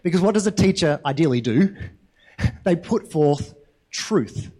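A man preaching a sermon in a relaxed, conversational way who keeps checking in with his listeners by asking "right?". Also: on the high side, unhurried. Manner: conversational, asks the congregation questions, frequent tag "right?". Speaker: pastor.

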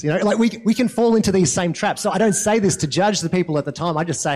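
A man with a fairly high voice gives a sermon in an easygoing, talky manner. He keeps putting questions to the congregation and tags his points with a quick "right?". The delivery sounds like a chat more than a formal address. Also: a little mellow. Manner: conversational, asks the congregation questions, frequent tag "right?". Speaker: pastor.

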